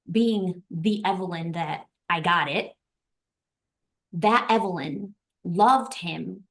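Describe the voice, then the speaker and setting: A woman guest on a podcast, talking in an earnest, reflective way and repeating phrases for emphasis. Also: lowish voice. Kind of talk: heartfelt podcast conversation.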